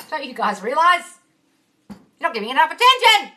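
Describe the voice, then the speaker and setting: A woman's voice: sits high, very animated, fairly quick, pushed and bright, slight background noise. A woman manifesting coach answering viewer questions live on her phone. She swears freely and calls her viewers darling. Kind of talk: live Q&A chat. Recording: slightly distant from mic.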